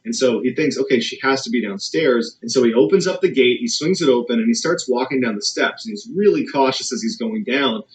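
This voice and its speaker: A man's voice: lively intonation, fairly quick, hardly any pauses, rough recording. A man narrating a dramatic true scary story, building suspense as he goes. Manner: suspenseful, builds tension with rising pitch.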